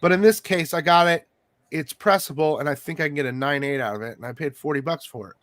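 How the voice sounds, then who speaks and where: Excitable, coughing man hosting a chat. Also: fairly high pitch, fast talker. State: coughing from allergies. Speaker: host. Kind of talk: casual interview chat.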